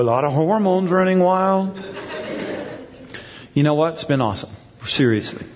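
A middle-aged male pastor giving a conversational sermon, often repeating words and asking the crowd "right?". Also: on the high side. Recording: long hall reverb.

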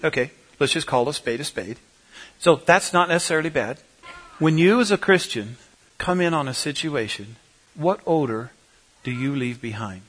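A man preaching a humorous sermon, telling a folksy, animated story that swings between loud and soft. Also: fairly high pitch, moderate pace.

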